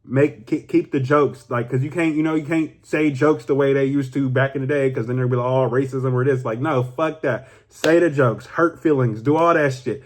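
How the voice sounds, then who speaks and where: A young man talks straight to his camera. He rambles casually, swears freely and leans on fillers, getting animated as he goes. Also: medium pitch, normal speed, few pauses. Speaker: YouTuber. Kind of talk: casual vlog monologue.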